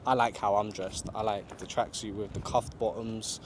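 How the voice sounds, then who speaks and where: A man talks in a low, easygoing voice, sprinkling his answers with casual asides. He is outdoors in a city park, with faint traffic noise behind him. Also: fairly even intonation, normal speed. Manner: laid-back, conversational, lots of "you know". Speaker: travel vlogger being interviewed.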